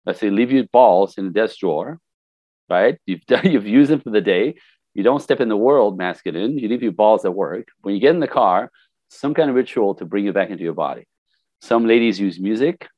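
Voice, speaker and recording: In a lowish voice with no echo, an older male life coach talks casually during an interview. He animates his stories by performing the things people say to him.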